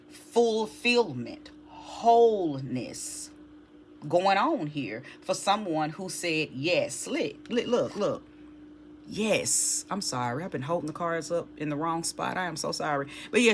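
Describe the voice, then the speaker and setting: A woman's voice: lowish voice, fairly bright tone, a little hiss or hum. A woman giving a casual tarot reading, talking straight to her viewers in a chatty, familiar way and calling them baby. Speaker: tarot reader.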